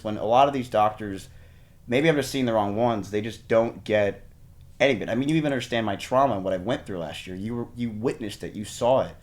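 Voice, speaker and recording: A young man talks openly in a streamer's conversation. He rambles and jumps around, slipping into quick impressions of other people as he tells his story. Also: medium pitch. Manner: rambling, animated, mimics others mid-story. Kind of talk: candid conversation.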